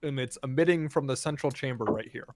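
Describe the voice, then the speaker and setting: A man's voice: medium pitch, fast talker, background noise. A man running a tabletop game as game master, explaining with hesitant fillers and laughing easily.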